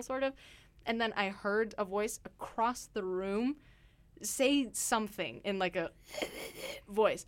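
A woman co-hosting a casual studio chat, rambling through stories with frequent laughs. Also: medium pitch. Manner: giggly, rambling storyteller. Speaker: radio co-host. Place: radio studio.

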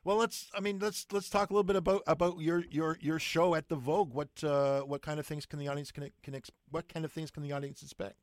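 A man's voice: on the high side, fairly even intonation, fast, hardly any pauses, no echo, clean studio sound. A man hosting a radio interview, asking questions with lots of hesitation and fillers. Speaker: radio host.

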